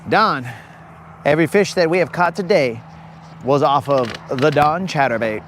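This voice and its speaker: Man, fishing stream host, unhurried teasing banter, higher voice, light background hum outdoors. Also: fairly bright tone. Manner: joking, teasing, playfully rambling. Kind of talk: casual live-stream chat to viewers. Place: outdoors on a lake.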